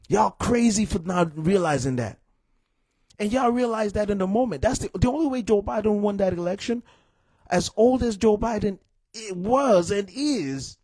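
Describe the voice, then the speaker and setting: A man's voice: sits high, mellow, no echo. A young man giving a heated, exasperated live stream rant to his viewers, repeating himself and calling them "y'all". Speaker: political commentator streaming live.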